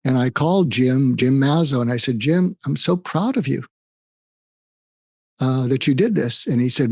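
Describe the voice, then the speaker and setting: A man's voice: mid-range voice, animated, moderate pace, a little mellow, husky, no room sound, clean studio sound. An older man speaking as a psychiatrist guest in an interview, earnest and emphatic, telling stories and repeating phrases for weight. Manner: earnest, storytelling, emphatic with repetition. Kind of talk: conversational interview advice.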